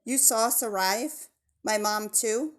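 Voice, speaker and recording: A woman's voice: fairly high pitch, slow pace. A woman voicing a frightened, guarded young boy who speaks hesitantly. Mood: wary.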